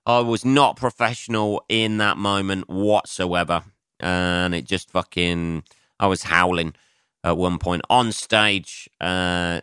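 A young adult man doing a casual solo podcast monologue as a comedian, swearing a lot, mocking himself and answering his own asides in a higher voice. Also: bright, forceful tone, smooth, no room sound, studio quality.

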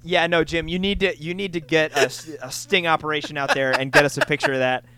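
A co-host on a comedy recap podcast in casual chat, throwing in quick quips and exclamations and laughing. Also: mid-range voice, lively intonation, crowd noise.

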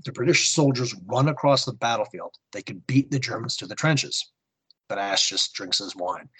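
Using theatrical narration addressed to "you," a man hosting a podcast reads a war comic before giving a history segment. He talks at normal speed in a mid-range, slightly bright voice with a breathy edge, on a low-quality recording.

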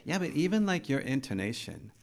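A man's voice: fairly high pitch, sing-song, a little fast. A man hosting a casual interview podcast as an English teacher, chatty and encouraging, asking lots of questions.

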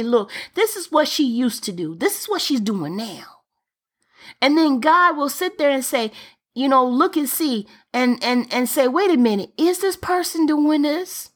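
A woman preaching a sermon in an emphatic, repetitive way, returning to key phrases for emphasis. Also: a little high.

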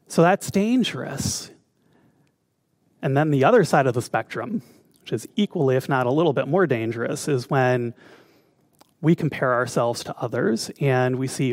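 A man's voice: on the high side, animated, normal speed, no echo, clean studio sound. A man giving a conversational spiritual talk as a minister, often putting questions to his listeners. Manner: conversational, asks the audience questions.

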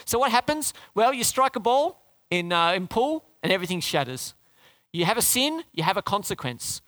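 A man preaching a sermon in a lively, conversational way, often asking the congregation questions. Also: high-pitched, moderate pace, dry recording. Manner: lively, conversational, asks the crowd questions, restarts.

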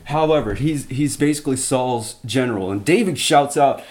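A man's voice: medium pitch, normal speed, a little mellow. A man teaching a Bible study, retelling scripture stories in plain everyday words with restarts and asides.

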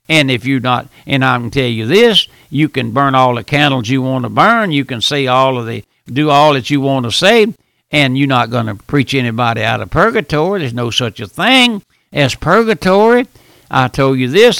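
A man preaching as a pastor in a fervent radio sermon, swinging between hushed pleading and loud urging. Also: mid-range voice, creaky, no room sound.

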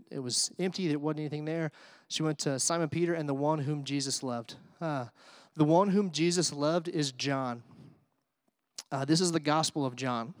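A man preaching an Easter sermon in a conversational way, with asides and fillers, swinging from hushed to excited. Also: mid-range voice, dry recording, studio quality. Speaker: pastor.

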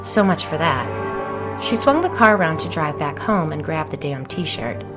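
A woman narrating a story as an audiobook in a measured, low-key reading, with faint music behind her. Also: animated. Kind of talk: scripted first-person fiction narration.

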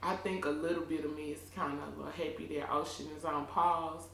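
A woman co-hosting a casual podcast chat, frank and profane with quick quips. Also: deep voice, flat delivery, fairly bright tone, roomy sound. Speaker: podcast co-host.

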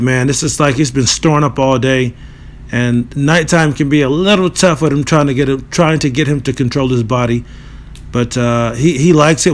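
A man in his thirties with a dry, nasal voice, hosting a casual solo podcast in a loose, profane, joking and rambling way. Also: mid-range voice. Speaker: podcast host.

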